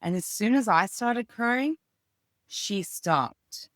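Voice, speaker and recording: A woman in her thirties, a podcast guest speaking casually and reflectively, thinking aloud with pauses. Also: medium pitch, expressive, a bit bright, no echo, clean studio sound. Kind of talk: casual conversation.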